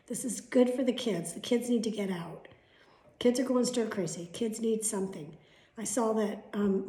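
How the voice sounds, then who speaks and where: A woman's voice: medium pitch, darkish tone, reverberant. A middle-aged woman vlogging in casual chat, telling stories bluntly with sarcasm and swearing. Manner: blunt, profane and sarcastic storytelling. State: has bronchitis.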